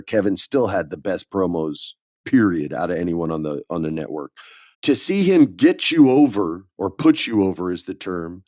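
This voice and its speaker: A man co-hosting a wrestling podcast, telling stories in a casual, animated way and acting out quotes. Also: on the low side, no echo, clean studio sound. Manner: animated storyteller, acts out quotes. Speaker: podcast co-host.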